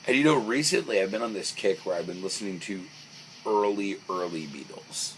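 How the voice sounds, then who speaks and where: On a podcast with poor audio and faint background noise, a young co-host talks casually, rambling through stories with many fillers and restarts. His voice is low, a bit bright and brisk.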